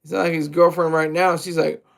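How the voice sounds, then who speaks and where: A man's voice: a little high, level tone, brisk, gravelly. A man streaming a crude, mocking, rambling commentary rant.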